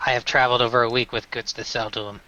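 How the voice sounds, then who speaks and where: A man's voice: medium pitch, little pitch movement, highs cut off, background noise, close to an everyday voice. A man doing a curt barbarian warrior. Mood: stern. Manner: curt, formal, halting. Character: gruff male barbarian tribal warrior, proud.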